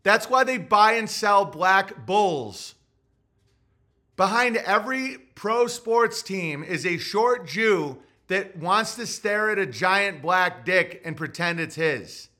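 A man's voice: high voice, animated, takes it slowly, bright, forceful tone. A man hosting a podcast, riffing through rambling, profane comedic commentary. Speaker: podcast host.

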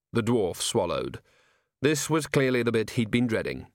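A man narrating an audiobook with expressive, dry comic timing. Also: lowish voice, brisk, no echo.

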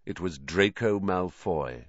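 Male narrator, expressive, low voice, dull dry recording. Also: slow pace, dry recording. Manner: expressive storytelling. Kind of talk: reading a novel aloud.

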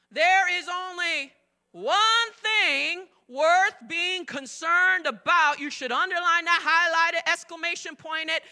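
A middle-aged female pastor preaches with energy, dramatizing the quotes and swinging between loud and soft. Her voice sits high.

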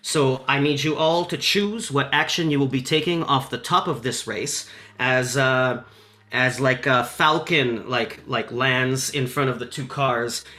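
A man's voice: medium pitch, a little slow, sharp tone. A man narrating as game master of a tabletop game, casual with many fillers. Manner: casual, lots of fillers, laughs easily.

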